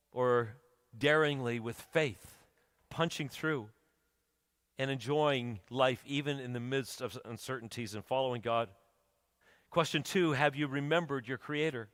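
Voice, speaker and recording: A man's voice: mid-range voice, a bit bright. A man preaching a sermon, telling a story and building to urgent, emphatic appeals. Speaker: pastor. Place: church sanctuary. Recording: church hall reverb.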